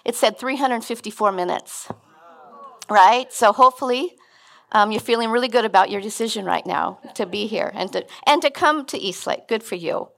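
A woman's voice: medium pitch, normal speed, vocal fry, fairly bright tone. A middle-aged woman giving a sermon as guest speaker, conversational and earnest with frequent restarts.

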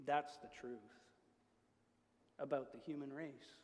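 A man's voice: mid-range voice, steady tone, slow pace. A man preaching a sermon as pastor, earnest and building to emphatic peaks. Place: church. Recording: long reverb of a church hall.

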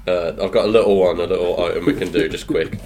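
A man's voice: low voice, steady tone, a little mellow, a little hiss or hum. A man with a joking, laugh-prone manner, hosting a casual podcast chat and running quiz games. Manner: laughs often, joking and quick.

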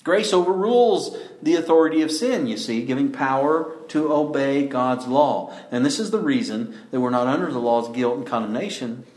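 A man preaching a sermon, emphatic, often asking rhetorical questions and slowing down to stress key words. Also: mid-range voice, a little mellow, reverberant.

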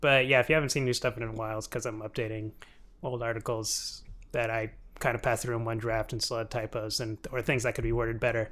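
A man co-hosting a casual podcast, recapping a show with lots of laughs and quick acted-out voices for the characters. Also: medium pitch. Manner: animated, laughs often, acts out characters in quick bits. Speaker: podcast co-host.

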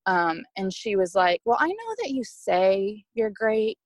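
A woman's voice: mid-range voice, big pitch swings, unhurried, no room sound, rough recording. A young adult woman telling a candid, emotional personal story as a podcast guest, with frequent fillers. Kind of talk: personal story told in conversation.

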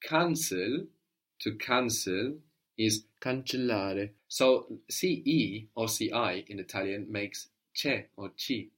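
A man teaching a language lesson, patiently encouraging and modeling words slowly, syllable by syllable. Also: fairly low pitch.

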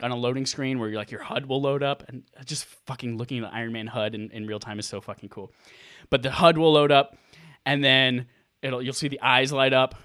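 A man co-hosting a casual gaming podcast, excitable, swearing freely and acting out his own reactions. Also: mid-range voice, no room sound, studio quality. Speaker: podcast co-host.

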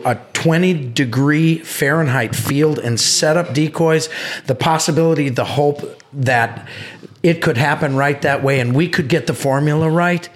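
A man's voice: a little high, normal speed. A man speaking earnestly as a podcast guest, feeling his way toward the right words. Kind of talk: casual hunting chat.

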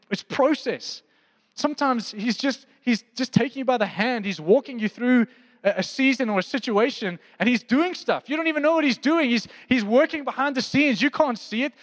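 A man's voice: very high voice, a bit bright. A man preaching a pastoral sermon to a church congregation, talking conversationally and often asking the room questions. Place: church auditorium. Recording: long hall reverb.

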